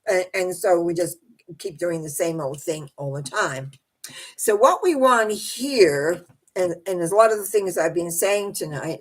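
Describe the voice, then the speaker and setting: An older woman, a psychic host, reading out viewer comments on a live stream and musing aloud in a soft, halting way. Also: mid-range voice. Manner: soft-spoken, thinking aloud, frequent restarts.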